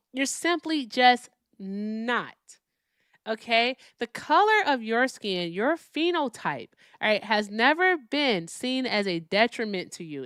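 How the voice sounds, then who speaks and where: Woman streamer, profane emphatic rant, lively pitch, dry close sound. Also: no echo. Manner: profane, emphatic, repeats "all right?" tags. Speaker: host. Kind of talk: live-stream political rant.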